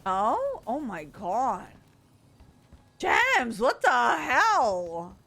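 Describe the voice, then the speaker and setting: High-voiced woman streamer laughing through tears. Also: wildly swooping pitch, drawn-out words, creaky, sharp tone. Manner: laughing hard, exclaiming, tearful from laughter. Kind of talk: live roleplay game stream chat.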